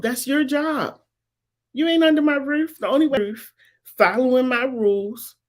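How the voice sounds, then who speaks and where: A woman, hosting a live commentary show and making her points with emphatic, repetitive insistence. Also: on the high side. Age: 50s. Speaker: talk show host. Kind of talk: live-streamed commentary answering viewers.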